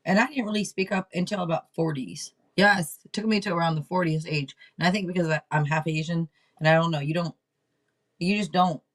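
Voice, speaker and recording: A woman in her forties chatting casually on a live tarot stream, loud and blunt, joking and swearing freely, her throat a little irritated. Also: on the low side, a little fast.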